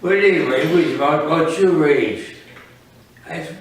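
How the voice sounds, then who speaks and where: A man in his nineties telling old war stories in an interview, halting and often searching for words. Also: a little high, a little hiss or hum. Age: 90s. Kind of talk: storytelling in an interview. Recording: roomy sound from a distant mic.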